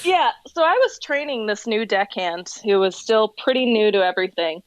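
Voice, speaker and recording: A woman's voice: medium pitch, normal speed, muffled recording, crowd noise. A woman working as a whale watching tour guide, guest on a casual podcast, telling stories with lots of laughter. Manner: animated storyteller, laughs often. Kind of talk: casual chat, storytelling.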